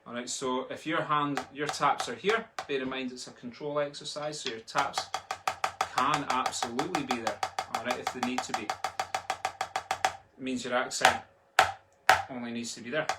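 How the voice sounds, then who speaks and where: A Scottish man teaching a drumming lesson online from home, talking in a relaxed, chatty way and chanting the sticking patterns aloud. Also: mid-range voice, heavy background noise. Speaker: drum tutor. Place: home, a street outside.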